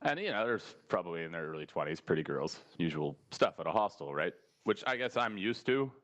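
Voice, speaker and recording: A man's voice: low voice, brisk. A man telling a story in casual podcast chat. He laughs often and acts out the people he quotes. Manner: animated, mimics people he quotes.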